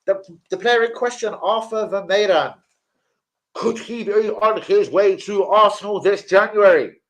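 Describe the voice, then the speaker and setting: A man's voice: sits high, a little slow. A young man hosting a jokey football transfer live stream, reading out viewers' names. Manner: animated, jokey, reads out chat names. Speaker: football channel host. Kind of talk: live stream chat about transfer news.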